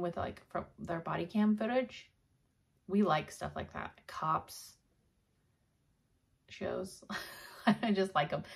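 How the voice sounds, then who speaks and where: Lowish-voiced woman just chatting away on her vlog, lots of ums and likes. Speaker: video host. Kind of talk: casual chat.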